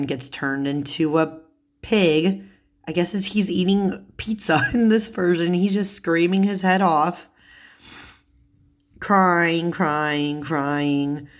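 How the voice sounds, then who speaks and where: A woman in a casual vlog, chatting about tarot cards, laughing often and swearing casually. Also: on the low side. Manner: giggly, laughs often while talking. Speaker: tarot vlogger.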